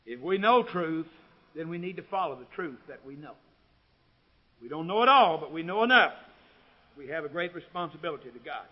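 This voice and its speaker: A man preaches in a high voice, building phrase by phrase to loud, ringing peaks before sinking back to a low, quiet tone. The recording sounds dull and lo-fi, like an old tape of a church service. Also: animated, fairly quick, pauses often. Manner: swells to loud, ringing climaxes, then drops low and quiet. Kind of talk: sermon.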